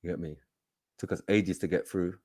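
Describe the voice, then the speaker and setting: A man's voice: deep voice, fairly even intonation, moderate pace, dark tone, slightly rough. A man, hosting a livestream in a laid-back, slangy way. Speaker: livestream host. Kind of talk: casual livestream talk.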